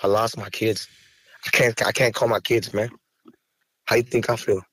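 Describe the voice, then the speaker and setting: A rapper appearing as a podcast guest speaks raw and profane in an emotional interview, angry and rising to heated outbursts. His voice is fairly low, a bit bright and husky, with flat delivery at normal speed, recorded dry in a podcast studio.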